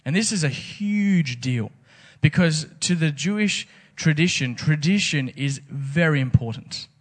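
A man's voice: fairly high pitch, expressive, a little slow. Aussie guy preaching, laid back chatty sermon, asks the crowd stuff. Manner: casual, conversational preaching with rhetorical questions. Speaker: pastor.

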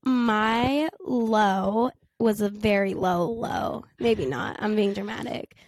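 A woman's voice: medium pitch, slow, darkish tone, dry recording. A woman in her twenties co-hosting a podcast, chatting playfully while her voice is still recovering from a cold. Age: 20s. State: recovering from a cold, voice not fully back. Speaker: podcast co-host. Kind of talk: casual chat.

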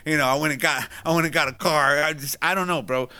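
A man's voice: fairly high pitch, fast talker, sharp tone, no room sound. A man in his thirties co-hosting a casual chat, telling slangy stories and laughing through the punchlines. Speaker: podcast co-host.

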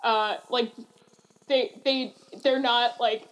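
A woman co-hosting a casual movie chat, chatty and quick to laugh. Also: a little high, steady tone, poor audio. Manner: chatty, laughs often, many fillers.

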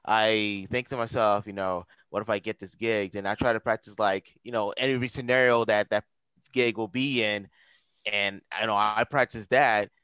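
A man's voice: fairly low pitch, steady tone, moderate pace, bright, forceful tone, clean tone, no room sound, poor audio. A man, a guest voice actor in a casual interview, talking earnestly and giving emphatic advice.

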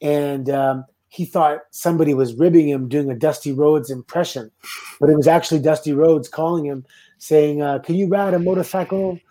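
A middle-aged Canadian man, a former wrestler, telling relaxed anecdotes with laughs as a guest. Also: a little high, normal speed. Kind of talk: casual storytelling.

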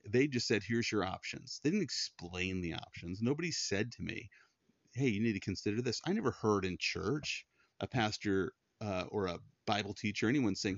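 Earnest middle-aged man, low voice, heartfelt monologue with restarts, dry muffled recording. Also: animated, moderate pace, no room sound. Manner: earnest, repeats words and restarts when moved. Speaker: Christian podcast host. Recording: dull, dry lo-fi sound.

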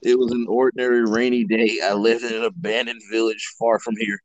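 A man lowering his voice to read as a young male farmer narrating his own story. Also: brisk, highs cut off, close to an everyday voice. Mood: calm. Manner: lowered, even reading voice. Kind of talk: comic read-along voice.

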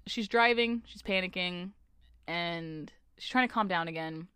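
A woman's voice: on the low side, unhurried, smooth, no room sound, studio quality. A young woman co-hosting a podcast, animatedly retelling a novel's plot in casual chat, swearing often and acting out the characters' lines. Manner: animated retelling with lots of swearing and quoted voices. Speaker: podcast co-host. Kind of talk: casual book-club chat.

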